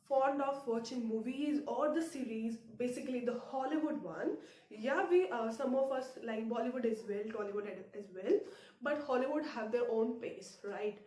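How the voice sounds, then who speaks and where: A woman with a high voice talks her viewers through exam tips in a loose, chatty way. She leans on fillers and tag questions to check they follow. Her voice rings back from an echoey room. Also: darkish tone. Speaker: IELTS tutor. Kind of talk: casual tutorial talk to camera.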